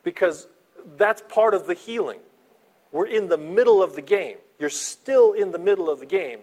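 A man preaching a sermon as a pastor, animated, swinging between soft asides and loud emphasis. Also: sits high, moderate pace.

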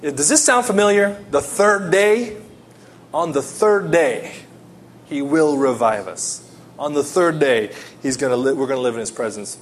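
A man preaching a sermon, telling a personal story and swinging between loud pleading and hushed tones. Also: on the high side, animated, a little slow, a little hiss or hum.

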